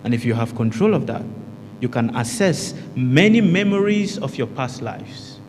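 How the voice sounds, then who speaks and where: A man's voice: mid-range voice, very animated, moderate pace, a little mellow, a little hiss or hum. Emphatic male meditation teacher, echoing hall. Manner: asks rhetorical questions and answers them himself; emphatic, repeats key phrases. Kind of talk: spiritual teaching talk to a group.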